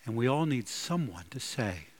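A man preaching a sermon, emphatic and animated, with sudden loud bursts. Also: mid-range voice, normal speed. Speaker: pastor.

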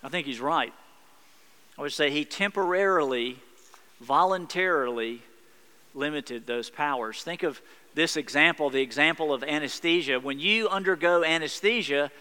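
A man's voice: a little high, normal speed, bright, forceful tone, clear, resonant tone, long reverb tail. A man preaching a sermon, earnest and reflective, leaning on emphatic repetition. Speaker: pastor.

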